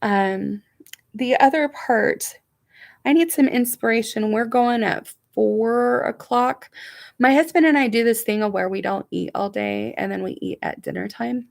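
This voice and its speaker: A woman's voice: a little high, unhurried, gravelly. A woman hosting a casual livestream, reading viewer comments aloud and answering them in a chatty, sympathetic way. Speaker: vlog host reading live chat.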